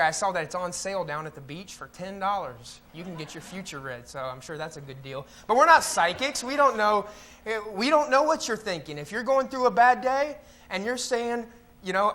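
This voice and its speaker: Brief: male pastor, high tenor, casual church sermon, teasing impressions of grumblers. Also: lively intonation, a little fast, sharp tone. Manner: conversational preaching, mocking voices of complainers. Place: church sanctuary.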